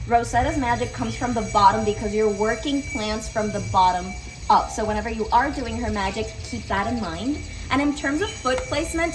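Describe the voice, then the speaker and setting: A young woman with a fairly high voice explains character tips for party performers. She is upbeat and chatty, with a loose, conversational flow and frequent fillers. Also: rough recording. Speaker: party princess performer and teacher. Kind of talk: casual instructional vlog.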